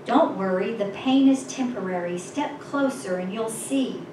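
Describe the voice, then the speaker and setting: A woman voicing a calm, gentle male stranger who speaks softly and sadly, recorded from a distance in an echoing room with background noise. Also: fairly high pitch, measured pace, lightly acted. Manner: soft, calm, sad.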